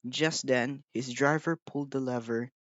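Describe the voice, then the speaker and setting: A man narrating a children's storybook in a measured, gentle manner. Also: medium pitch, fairly even intonation, no echo, muffled recording. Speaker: audiobook reader.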